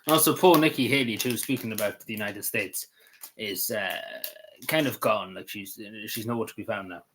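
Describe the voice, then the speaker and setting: An Irish man rambles through casual vlog commentary, his voice bright and forceful in tone and sitting a little low in pitch. He wanders between thoughts, drops in swear words without a second thought and fills the gaps with ums and you-knows. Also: normal speed, a little hiss or hum. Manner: meandering, swears casually, lots of fillers. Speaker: vlogger.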